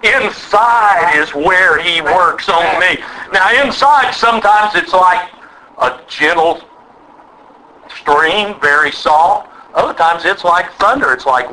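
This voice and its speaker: A man's voice: high voice, expressive, unhurried, bright, forceful tone, poor audio. An older man preaching a sermon, emphatic and drawing call-and-response from his listeners. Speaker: pastor.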